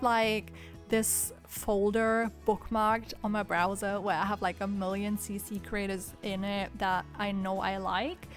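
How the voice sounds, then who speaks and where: This is a home-recorded, chatty voiceover by a twenty-something female video creator who laughs frequently. She sounds subdued and rather monotonous, with a weak, cracking, mid-range voice.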